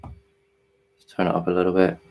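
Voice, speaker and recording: A man hosting a live stream, talking earnestly and hesitantly while working his software, with frequent restarts. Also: low voice, completely flat delivery, normal speed, vocal fry. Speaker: livestream host.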